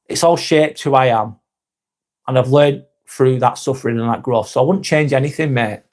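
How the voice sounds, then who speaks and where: A man's voice: medium pitch, normal speed, darkish tone. A man, hosting a casual live stream, chatting to viewers by name, laid-back and swearing freely. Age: 40s.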